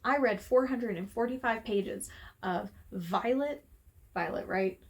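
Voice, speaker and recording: Her pitch fairly high and her intonation lively, this woman rants unhurriedly to camera as a book reviewer, swearing freely and sounding heated and exasperated. She's in a room at home with the window open, and there's slight background noise.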